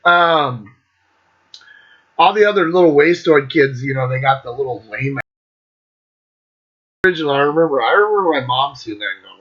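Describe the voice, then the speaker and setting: A man in his fifties hosting a casual monologue, swearing constantly, excitable and breaking into bits of song. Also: on the high side, moderate pace, long pauses, lo-fi sound. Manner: profane, excitable, breaks into singing. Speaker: host. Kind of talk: casual monologue ranking albums.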